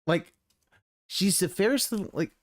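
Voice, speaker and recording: A streamer reacting live to a video, with a voice that swings widely up and down. The talk is sarcastic and profane, full of half-started sentences and quick restarts. Picked up on a desk mic. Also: mid-range voice, animated. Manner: sarcastic, swears freely, trails off and restarts often. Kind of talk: casual reaction commentary.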